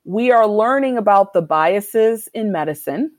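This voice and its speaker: A woman doctor answering interview questions in a candid, reflective and measured way. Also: medium pitch, expressive, a little mellow, no echo. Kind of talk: conversational interview.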